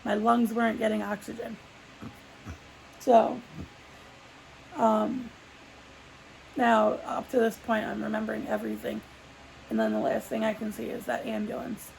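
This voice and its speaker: A woman's voice: on the high side, little pitch movement, a little slow, creaky, long pauses, a little mellow, slight background noise, poor audio. A young adult woman telling a personal story in a casual sit-down vlog, rambling with lots of "like" and restarts. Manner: rambling, full of "like" fillers and restarts. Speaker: vlogger.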